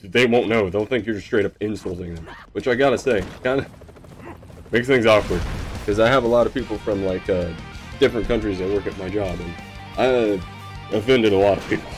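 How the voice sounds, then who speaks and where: Deadpan sarcastic man gaming. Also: fairly low pitch, a little fast, soft background music. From United States. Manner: sarcastic, deadpan, swears freely; rambling with frequent fillers and restarts. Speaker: gaming channel host. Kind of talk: casual gameplay commentary.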